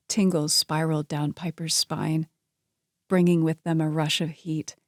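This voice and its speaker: A woman reading a romance novel aloud, narrating in a steady, measured way. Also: deep voice, dry recording, clean studio sound. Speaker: audiobook narrator.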